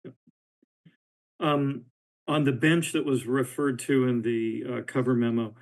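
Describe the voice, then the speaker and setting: A man's voice: mid-range voice, fairly even intonation, takes it slowly, rough recording. A man on a board, asking questions casually and stumbling over words. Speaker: board member. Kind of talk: meeting discussion.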